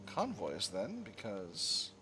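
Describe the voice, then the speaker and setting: A man's voice: on the low side, wildly swooping pitch, slow pace, pushed and bright, slight background noise. A man hosting a gaming channel, musing and rambling with fillers as he comments on a strategy game.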